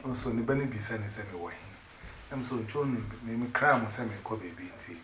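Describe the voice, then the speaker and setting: A man rambling excitedly in casual chat, switching between pidgin English and Twi. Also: lowish voice, fast talker. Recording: echoey room with loud background noise.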